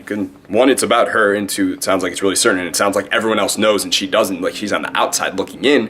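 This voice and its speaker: Speaking straight into the camera for an advice vlog, a young dating coach is brash, cocky and profane, talking fast and promoting himself. His voice is lowish and a bit bright, with a breathy edge.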